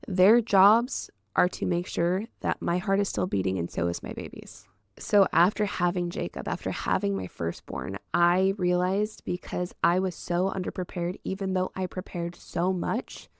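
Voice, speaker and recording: A woman's voice: lowish voice, gravelly, no echo, studio quality. A young woman hosting a podcast, a doula and childbirth educator telling her own birth story in an earnest, heartfelt, emphatic way. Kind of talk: personal storytelling monologue.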